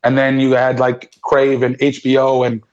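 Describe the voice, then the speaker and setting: Animated male comedian, muffled audio. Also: medium pitch, moderate pace. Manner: animated storyteller, acts out quotes. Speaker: guest comedian. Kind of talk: casual podcast chat.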